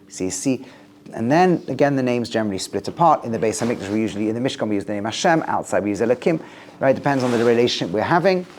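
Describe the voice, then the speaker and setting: There's a faint hiss or hum behind this male rabbi as he gives a spirited Torah lecture to students. He pushes key words upward with emphasis and recites Hebrew verses quietly and low.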